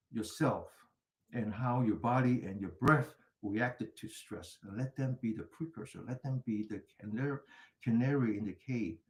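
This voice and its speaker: An older man with a fairly low, darkish voice teaches a mindfulness class in an echoey room. He tells stories chattily, laughing often and frequently asking a rhetorical "right?"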